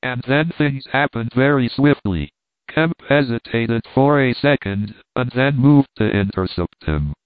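Male audiobook narrator, mid-pitched, measured storytelling; dry, tinny recording. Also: animated, clean tone, no room sound. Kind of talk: scripted narration of a classic novel.

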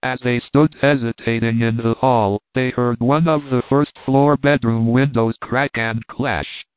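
A man narrating a classic novel aloud in a steady, measured way. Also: medium pitch, clean tone, dry recording. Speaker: audiobook narrator. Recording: tinny phone-like line, dry.

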